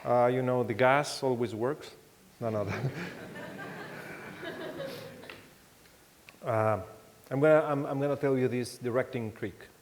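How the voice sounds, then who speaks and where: A man with a Mexican accent giving a keynote talk, telling anecdotes in a halting way with many restarts and acting out the voices he quotes. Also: medium pitch, a little hiss or hum. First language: Spanish. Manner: animated storytelling, acts out quoted voices. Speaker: keynote speaker. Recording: long hall reverb.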